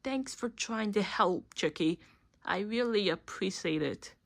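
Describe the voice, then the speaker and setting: A woman's voice: medium pitch, animated, unhurried, gravelly, voice pushed down. A woman voicing a small, frightened child in a homemade cartoon, talking in a fretful, stammering way. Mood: worried. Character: small scared child, Nina.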